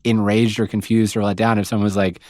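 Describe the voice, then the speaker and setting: A man hosting a podcast, telling stories in a lively, casual way and acting out voices he quotes. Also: fairly low pitch, quick pace, no room sound, studio quality. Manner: animated storyteller, acts out quoted voices. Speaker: podcast host. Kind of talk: casual chat.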